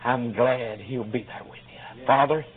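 A male preacher with a mid-range voice tells a folksy story in a sermon, taking his time, his voice sometimes swelling with emotion. The lo-fi recording sounds tinny, like a phone.

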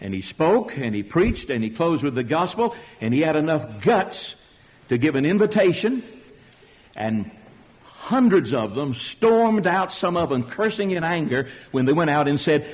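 A man's voice: a little high, sing-song, moderate pace, muffled recording. A man preaching a fiery sermon, emphatic and rhetorical, calling out questions to his congregation.

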